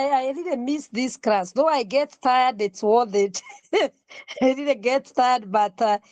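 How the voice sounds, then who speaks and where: Middle-aged woman, lecturer, slow and repetitive delivery, somewhat high voice. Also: darkish tone, no echo. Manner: repeats words, slow and deliberate explaining. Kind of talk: online class lecture.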